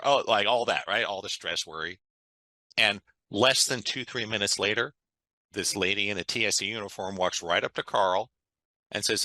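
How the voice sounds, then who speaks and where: A man's voice: on the low side, moderate pace, sharp tone, dry recording, poor audio. A man, a guest on an interview, talking in an enthusiastic, conversational way and often checking in with "right?". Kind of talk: interview storytelling.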